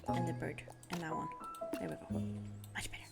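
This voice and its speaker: A woman's voice: deep voice, big pitch swings, a little fast, gravelly. Bubbly young woman streamer narrating her game, giggly and chatty, music playing behind. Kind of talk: casual gameplay chat. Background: background music.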